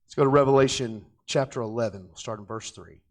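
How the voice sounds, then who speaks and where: A man teaching from the Bible with passion, swinging from loud declarations to quiet asides and slowing down to stress key words. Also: medium pitch.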